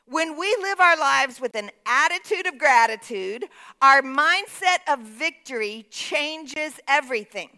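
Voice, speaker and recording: A woman's voice: high voice, animated, unhurried, sharp tone. A woman pastor preaching a sermon in a church, emphatic, calling out to the congregation for responses. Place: church sanctuary.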